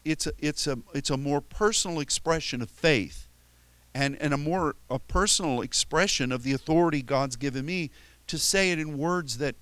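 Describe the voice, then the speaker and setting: Conversational pastor, dry close sound. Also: male voice, on the high side, fairly bright tone, no room sound. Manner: conversational, halting with frequent restarts; tells stories with chuckles and playful quoted voices. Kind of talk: sermon.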